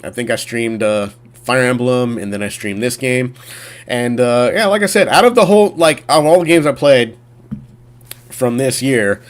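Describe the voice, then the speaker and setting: Casual male game streamer, rambling, middle pitch, filler-heavy. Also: normal speed. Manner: rambling, full of fillers and restarts. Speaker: gaming streamer. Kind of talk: casual chat.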